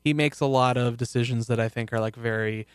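A man chatting casually about a TV show as co-host, rambling and restarting, often trailing off quietly. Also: medium pitch, fairly even intonation, a little fast, smooth, dry recording, clean studio sound. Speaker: podcast co-host.

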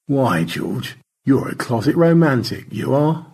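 A man's voice: medium pitch, big pitch swings, a little slow, vocal fry, darkish tone, husky, pitched above the performer's own voice, exaggerated voice. A man voicing Stanley, a dry-witted space rescuer who teases in easy banter. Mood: teasing.

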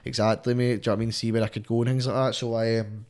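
A man's voice: medium pitch, level tone, rapid-fire, a little mellow. A young man with a Scottish accent, chatting casually as a guest rapper, rambling and swearing, with "mate" in nearly every line. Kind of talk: casual podcast chat.

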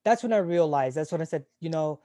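A man in his forties speaks openly as an interview guest, in a voice a touch higher than most men's but dark and mellow in tone. He swears freely, falters and restarts often, and the sound is close and dry. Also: animated, dry recording. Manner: frank and emotional, swears freely, halting restarts. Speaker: interview guest, retired Navy corpsman. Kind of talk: candid conversational storytelling.

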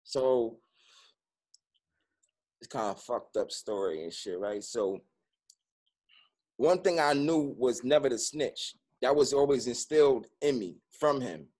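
A man's voice: mid-range voice, expressive, slow pace, long pauses, darkish tone. Profane streetwise man telling his story. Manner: streetwise, profane, frequent "you know what I'm saying". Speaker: interview guest. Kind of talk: candid personal interview.

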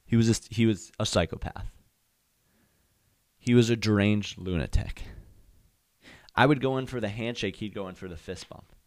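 A man's voice: lowish voice, moderate pace, long pauses, no echo, studio quality. A young man hosting a solo podcast, telling comedic stories and acting out voices and sound effects. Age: young adult. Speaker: podcast host.

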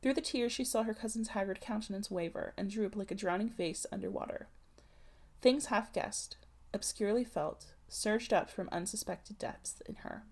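Husky, gravelly woman narrating a novel. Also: medium pitch, a little mellow. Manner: measured, literary reading. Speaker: audiobook narrator. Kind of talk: scripted narration of a classic novel.

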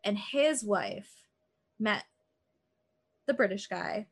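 Her medium-pitched voice is expressive, slow, and marked by vocal fry. The woman chats as a podcast co-host, rambling through a true-crime episode with heavy use of "like" and acted-out quotes.

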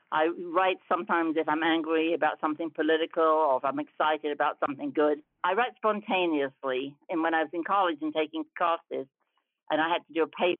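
A woman guest author talking in a casual, chatty way, in short phrases with small pauses. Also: sits low, no echo. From New Jersey, USA. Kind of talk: casual interview answers and reading a short story aloud. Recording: tinny phone-line sound, very dry.

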